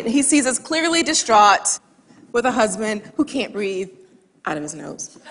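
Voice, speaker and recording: A woman giving a humorous storytelling talk on stage, lively and laughing at her own anecdote, into a headset or lapel mic. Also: high voice. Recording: long hall reverb from a stage talk.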